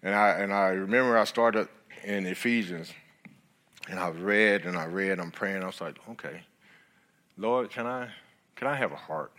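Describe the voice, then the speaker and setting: Man, middle-aged, guest preacher, earnest testimony, halting delivery, lowish voice. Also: pushed and bright. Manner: halting, earnest storytelling with many restarts. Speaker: guest speaker. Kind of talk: sermon testimony.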